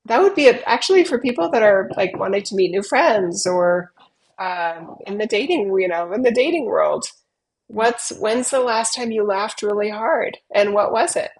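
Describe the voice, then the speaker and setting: A middle-aged woman in casual podcast conversation, playful and quick to laugh. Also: medium pitch, expressive, husky, poor audio. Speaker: podcast guest. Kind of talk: casual chat.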